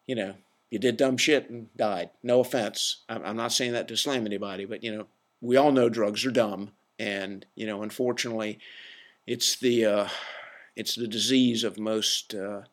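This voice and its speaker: A man's voice: fairly low pitch, fairly even intonation, moderate pace. A man hosting a podcast alone, giving an opinionated, rambling rant in a casual, self-aware way. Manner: opinionated, ranting, self-deprecating. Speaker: podcast host. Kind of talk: casual solo monologue.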